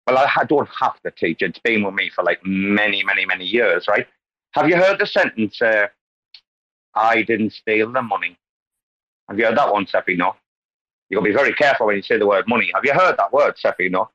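Animated man lecturing over lo-fi call audio. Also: lowish voice, fast. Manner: animated, tangent-prone, lecturing on word stress. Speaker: host of an online community call. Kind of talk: casual group call chat.

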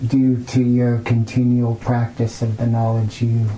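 A woman interviewing a guest, asking calm and measured questions. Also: very deep voice, slight background noise. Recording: echoey room with faint ambience.

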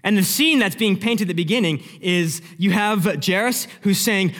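Animated young male preacher in a reverberant hall. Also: high-pitched, quick pace, few pauses. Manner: animated storytelling, acting out scenes with big swings from loud to hushed. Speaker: pastor. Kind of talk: sermon.

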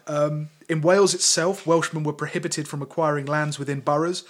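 A man's voice: on the high side, fairly even intonation, fairly quick, few pauses. A man co-hosting a casual history podcast, talking in a loose, joking and sometimes sweary way as he reads out his notes. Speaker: podcast co-host.

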